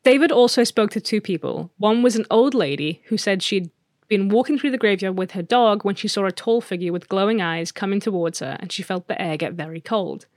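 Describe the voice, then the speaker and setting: A woman's voice: mid-range voice, a little mellow, dry recording, clean studio sound. A woman co-hosting a casual podcast, playfully teasing as she tells a spooky story. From England. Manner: playful, teasing, dramatic pauses. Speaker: podcast co-host.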